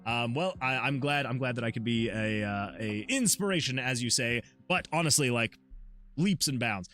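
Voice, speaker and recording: Soft background music plays as this man, a solo game developer, talks casually on his livestream through a USB desktop mic. He has a medium-pitched, fairly bright voice that's expressive and moves at a normal speed. He laughs a lot and reads chat messages out loud.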